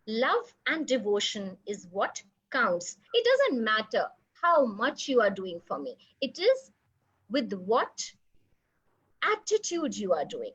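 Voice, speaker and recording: Woman doing a gentle wise god-king. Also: high-pitched, husky, muffled recording, full character voice. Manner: soft, kind, teaching.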